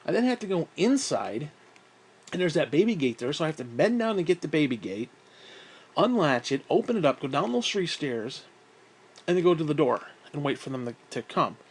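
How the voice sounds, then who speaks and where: A man's voice: fairly high pitch, sing-song, a little fast, breathy edge. A man telling a rambling story in a casual monologue, swearing often, exasperated and mocking himself, with frequent sighs. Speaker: vlogger.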